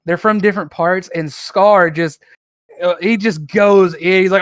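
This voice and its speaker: A man's voice: high-pitched, unhurried, no echo, studio quality. A man with a Southern US country accent, chatting casually as a podcast guest and telling stories with lots of laughter. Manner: animated storyteller, laughs often. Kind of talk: casual chat.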